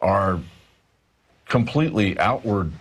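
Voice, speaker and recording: A man with a fairly low voice speaks as a reporter on a studio news show. He talks in long, rambling stretches, pausing often on fillers as he works through his points. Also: animated, husky. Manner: rambling, hesitant, many fillers.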